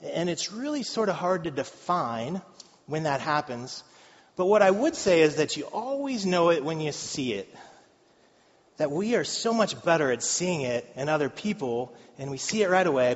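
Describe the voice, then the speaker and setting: A man's voice: fairly high pitch, lively intonation, normal speed. A man in his thirties preaching a sermon in a conversational, joking way, laughing often. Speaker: pastor. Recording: dull live recording in a reverberant hall.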